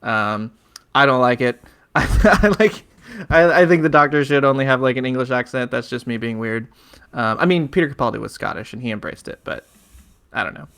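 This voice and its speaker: A man's voice: medium pitch, brisk, creaky, a bit bright, clear, resonant tone. Man rambling through a podcast recap. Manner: rambling, filler-heavy, chuckling recaps. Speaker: podcast co-host. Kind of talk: casual podcast chat.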